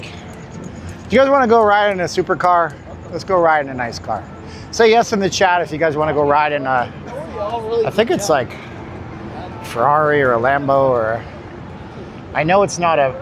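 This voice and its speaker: A man's voice: fairly high pitch, lively intonation, normal speed, pauses often. A man hosting a casual walking livestream, tired and winded, rambling and joking as he talks to his chat. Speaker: livestream host. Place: city street outdoors. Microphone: handheld phone. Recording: phone mic on a noisy street.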